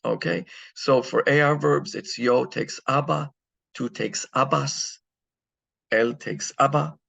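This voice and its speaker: A man's voice: lowish voice, creaky, a bit bright, breathy edge, no echo. A man teaching a recorded grammar lesson, explaining step by step and answering his own questions. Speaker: Spanish teacher.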